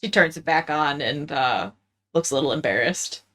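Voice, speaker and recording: A woman's voice: deep voice, lively intonation, normal speed, noisy background. A woman narrating a tabletop game as game master in a casual way. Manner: casual, filler-heavy narration.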